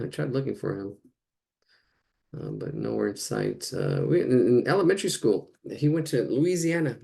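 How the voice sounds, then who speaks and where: A man talking casually to himself as he draws during a class practice, rambling and chuckling in quiet asides. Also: medium pitch, big pitch swings, moderate pace, creaky, long pauses, slightly rough. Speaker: drawing instructor. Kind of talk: casual narration while drawing.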